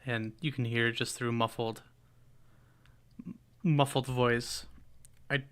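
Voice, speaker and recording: A man runs a tabletop role-playing game and narrates in a plain, matter-of-fact way. His voice is bright and forceful, and he speaks at an unhurried pace. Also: mid-range voice, level tone, smooth. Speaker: game master.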